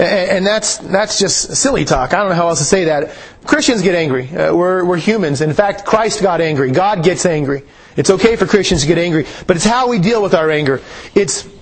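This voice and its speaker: A man's voice: high-pitched, husky. A man preaching a sermon in an earnest way, repeating phrases for emphasis.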